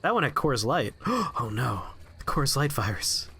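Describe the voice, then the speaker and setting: A man streaming a video game, telling a story in an animated, profane and chatty way. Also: medium pitch, a little slow, slightly rough.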